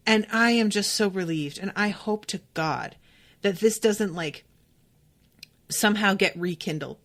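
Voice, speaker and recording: A woman hosts a casual podcast and recaps a TV episode with animated emphasis. Her voice sits a little low, and she swears freely and speaks straight to her listeners. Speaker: podcast host.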